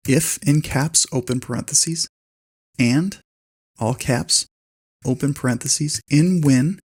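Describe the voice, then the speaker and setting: A man hosting a spreadsheet tutorial, calmly dictating a long formula step by step. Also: medium pitch, slow, husky. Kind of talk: screen-recorded software tutorial.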